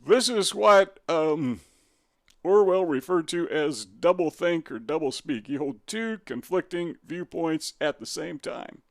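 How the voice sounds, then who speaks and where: A man's voice: a little high, measured pace, no room sound, clean studio sound. A man reading from a web page and commenting on it, sarcastic and combative, firing off rhetorical questions.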